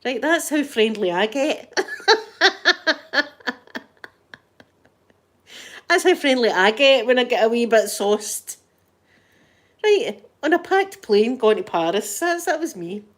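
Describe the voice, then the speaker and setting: A woman's voice: on the high side, big pitch swings, unhurried. A middle-aged woman with a Scottish accent, chatting casually with viewers and telling a story, often laughing as she talks. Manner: chatty, laughing storyteller, talking to live chat. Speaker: ASMR streamer chatting with viewers. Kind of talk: casual chat.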